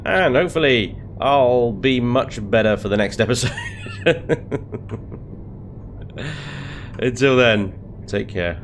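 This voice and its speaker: A man's voice: mid-range voice, lively intonation, slow pace, long pauses, slight background noise. A young man hosting a let's play, giving gameplay commentary and reacting with exasperated swearing and laughter at his own mishaps.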